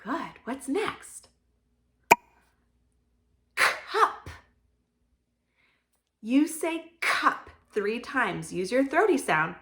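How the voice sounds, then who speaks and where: Slow, encouraging woman teaching kids. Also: a little high, sing-song, fairly bright tone, a little hiss or hum. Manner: slow, clear modeling of sounds with pauses for kids to repeat; encouraging praise. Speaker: speech therapist. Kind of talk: children's speech practice lesson.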